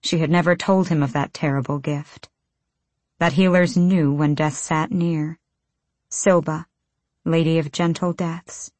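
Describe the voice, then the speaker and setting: A woman narrating an audiobook in a dramatic, measured, intense way. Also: low voice, fairly even intonation, darkish tone, no room sound.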